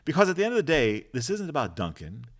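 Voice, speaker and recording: A man hosts a solo political commentary show. His pitch swings widely as he argues, and he hammers home his points with rhetorical questions and punchy lists. His voice sits in a middle register. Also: wildly swooping pitch, quick pace.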